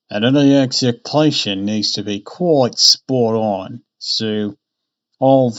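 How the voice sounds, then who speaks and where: A man streaming live, chatting casually and thinking out loud between frequent laughs. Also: medium pitch. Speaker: streamer reading a novel aloud. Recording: dull lo-fi stream mic.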